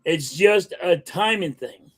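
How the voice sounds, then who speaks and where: A man's voice: sits high, animated, slow, breathy edge. A man talking sports casually as a podcast co-host, often agreeing and building on his partner's points.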